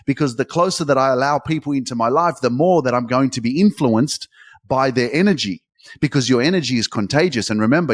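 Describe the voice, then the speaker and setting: Profane, fired-up male motivational speaker. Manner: profane, emphatic, pitch climbs when fired up. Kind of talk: motivational talk. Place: Dubai.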